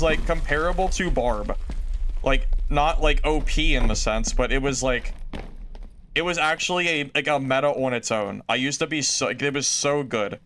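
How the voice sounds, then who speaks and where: A man's voice: medium pitch, a bit bright, a little hiss or hum. A young man streaming a video game, talking casually to chat in a rambling, self-mocking way that trails off into mumbles. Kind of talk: casual gameplay commentary.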